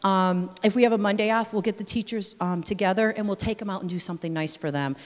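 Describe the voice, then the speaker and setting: A woman's voice: mid-range voice, fast talker. A woman missionary giving a sermon full of personal stories, acting out scenes and exclaiming praise. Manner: lively storyteller, acts out scenes, exclaims praise. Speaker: missionary speaker. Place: church sanctuary. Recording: long reverb of a large church hall.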